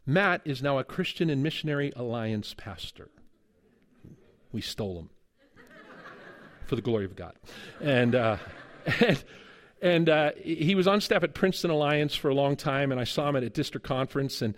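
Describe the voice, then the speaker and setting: Middle aged guy preaching, storytelling sermon, jokey and lively, average pitch. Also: moderate pace, pauses often. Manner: lively, humorous storytelling with chuckles. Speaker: guest preacher and seminary teacher.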